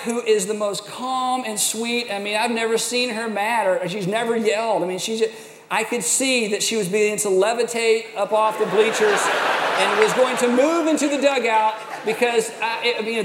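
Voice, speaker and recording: A middle-aged pastor with a fairly high voice tells stories in his sermon in a lively, self-mocking way. A large hall gives his voice a long reverb, and a faint hum of room noise sits behind him.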